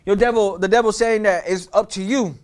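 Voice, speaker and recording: A man's voice: high-pitched, steady tone, brisk, smooth. A man telling a personal story in a casual, slangy way, often repeating phrases and asking "you know what I'm saying?".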